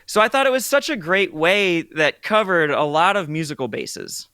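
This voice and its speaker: Clean studio sound with no room sound carries a man in his thirties co-hosting a podcast. His voice sits high with a clean tone at a moderate pace, and he tells stories casually and relaxed, saying "like" a lot.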